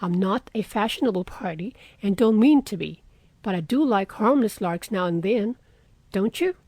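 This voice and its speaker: A woman voicing a teasing, good-natured wealthy young man in an audiobook reading, with a lively, coaxing way of talking. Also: mid-range voice, moderate pace, no room sound, natural voice.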